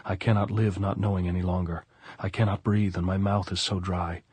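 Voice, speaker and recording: A man's voice: low-pitched, level tone, a little fast, a little mellow, breathy edge, dry recording. A man reading a frightened young woman's desperate inner prayer in an audiobook, pleading and breathless.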